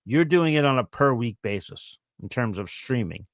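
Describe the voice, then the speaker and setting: A man's voice: medium pitch, animated, moderate pace, no echo, clean studio sound. A man co-hosting a casual fantasy football show, reading viewer questions aloud and thinking through answers with easy fillers.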